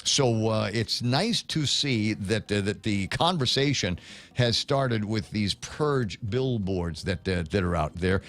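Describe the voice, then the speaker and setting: A man's voice: on the low side, expressive, slow, fairly bright tone. Rambling male radio talk show host. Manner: rambling, with many fillers and restarts, reads listener comments. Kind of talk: casual morning radio talk. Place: radio studio.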